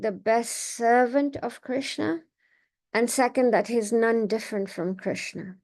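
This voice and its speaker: A woman's voice: a little high, darkish tone. A woman speaker retelling a scripture story in a reading class, conversational with many fillers and restarts.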